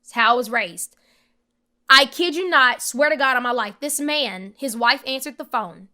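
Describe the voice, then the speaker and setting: Bright-voiced young woman telling a story. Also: sits high, normal speed. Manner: animated, emphatic, acts out quoted voices. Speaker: podcast guest. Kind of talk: emotional personal storytelling.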